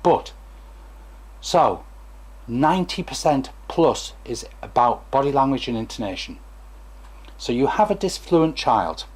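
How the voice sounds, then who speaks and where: A man's voice: medium pitch, big pitch swings, measured pace, pauses often, darkish tone, slightly rough. A former stammering therapist, a man, gives a chatty, digressive talk to camera and acts out examples as he goes.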